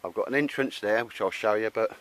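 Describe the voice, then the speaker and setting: An outdoor gear vlogger with a London Cockney accent chats casually at a campsite while showing off a tarp shelter. He's laddish, calls everyone mate, and speaks a little fast in a voice on the low side.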